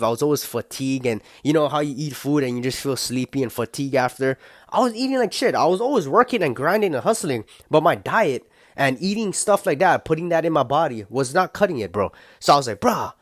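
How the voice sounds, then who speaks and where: A man's voice: medium pitch, no echo, studio quality. A young man giving a casual, heated motivational rant, rambling and full of swearing. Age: young adult. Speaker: motivational vlogger.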